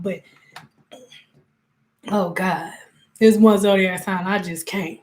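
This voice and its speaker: A woman hosting a livestream, chatting casually with viewers and answering their comments. She laughs often and acts out quick voices when she quotes people. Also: mid-range voice. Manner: laughs often while talking. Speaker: livestream host talking to viewers.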